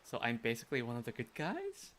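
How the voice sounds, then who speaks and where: A man casually commenting on his game stream, sarcastic and quick to swear or laugh. His voice is bright and forward, with faint noise behind it. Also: medium pitch, wildly swooping pitch.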